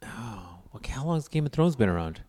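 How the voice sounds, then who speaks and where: A man in laid-back podcast chat, teasing his co-host with crude jokes. His voice has a middle-range pitch for a man. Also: very animated, brisk, warm tone. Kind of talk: casual chat.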